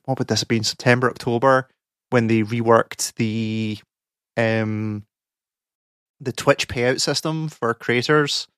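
A man's voice: mid-range voice, steady tone, takes it slowly, a bit bright, clean tone, dry recording, studio quality. Exasperated man ranting. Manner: rambling, exasperated ranting with many fillers. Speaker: podcast co-host, game academic. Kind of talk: casual podcast chat.

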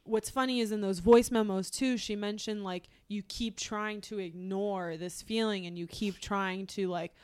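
A woman's voice: mid-range voice, steady tone, normal speed, hardly any pauses, darkish tone, clear, resonant tone. A young woman co-hosting a podcast, telling a personal story in casual chat, rambling with lots of "like" and restarts. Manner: rambling, heavy use of "like", restarts. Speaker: podcast co-host.

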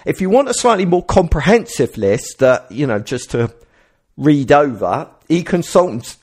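A man's voice: fairly high pitch, normal speed, husky. A man hosting a casual podcast chat, rambling and correcting himself as he goes. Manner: rambling, self-correcting, lively delivery. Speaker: podcast host.

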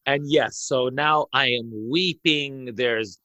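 A man, an imam, telling a dramatic story on a podcast, excitable and laughing as he goes. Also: mid-range voice, no room sound, muffled recording. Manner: excitable, laughs through his story, rushes in bursts. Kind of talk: animated storytelling in a podcast chat.

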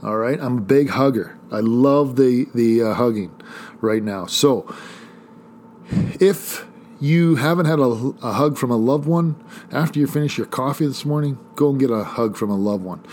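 A man's voice: medium pitch, moderate pace, darkish tone, a little hiss or hum. Chatty man hosting a motivational podcast. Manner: chatty, rambling, motivational coach-like. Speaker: podcast host. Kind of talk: casual solo podcast talk.

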